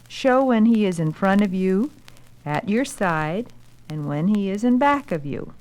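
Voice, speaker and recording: A woman giving scripted instructional narration for an educational film, calm and deliberate with step-by-step directions. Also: mid-range voice, rough recording.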